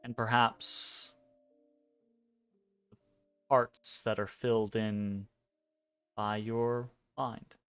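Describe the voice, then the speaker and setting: A man narrating a dream scene as game master of a tabletop game, measured and hesitant, pausing between phrases. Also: lowish voice, little pitch movement, smooth. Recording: soft music behind.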